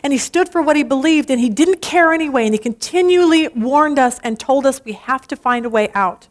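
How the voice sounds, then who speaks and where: A woman with a high voice teaches a church Bible study group. She speaks earnestly and presses her points home with emphatic urging, often restarting mid-sentence. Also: expressive, brisk.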